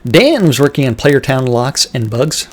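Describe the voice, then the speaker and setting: A man's voice: medium pitch, big pitch swings, faint music behind. A man hosting a livestream, reading a list of team updates with casual asides. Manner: brisk list-reading, breaking into laughing banter. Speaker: host.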